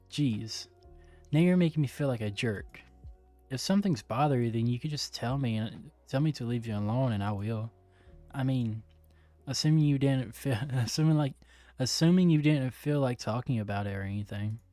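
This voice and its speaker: A man's voice: medium pitch, dark tone, no room sound, lightly acted. A man voicing a prickly teen girl, reading her lines in a huffy, bratty way. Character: prickly teen girl, snappish but shy.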